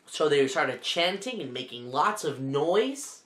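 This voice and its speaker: A woman teacher reading a picture book aloud to children, animated, asking her listeners questions along the way. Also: deep voice, takes it slowly, a little hiss or hum. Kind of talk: children's storybook read-aloud. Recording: echoey room.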